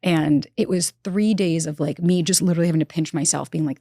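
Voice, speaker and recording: A woman's voice: low voice, dark tone, dry recording, studio quality. A woman, telling candid stories as a relationship expert guest in a casual interview. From New York. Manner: fast, candid storytelling with quick asides. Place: studio in Los Angeles.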